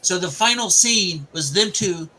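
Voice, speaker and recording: A man's voice: high-pitched, lively intonation, measured pace, bright, forceful tone, a little hiss or hum, poor audio. A man casually retelling the plot of a film, rambling and restarting as he goes.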